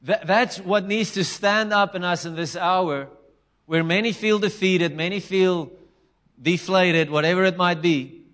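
Passionate preacher, fairly high voice. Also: male voice. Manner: passionate, emphatic storytelling with sudden loud declarations. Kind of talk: sermon.

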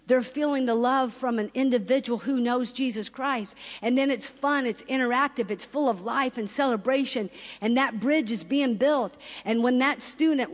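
A middle-aged woman giving a fervent sermon-style testimony, building to loud rising climaxes and acting out dialogue. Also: sits high. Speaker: ministry founder and speaker. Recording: long hall reverb.

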